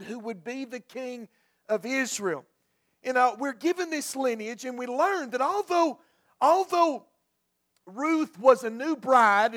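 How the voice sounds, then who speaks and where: A male pastor preaching a sermon, telling a folksy story and often repeating and restarting his words. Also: very high-pitched.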